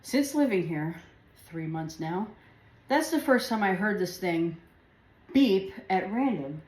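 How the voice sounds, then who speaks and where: A woman's voice: medium pitch, animated, slow, a little mellow. Chatty woman in an echoey kitchen. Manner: chatty, rambling, tastes food while talking. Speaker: home cooking vlogger. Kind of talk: casual chat while cooking. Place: home kitchen. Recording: echoey kitchen with faint household noise.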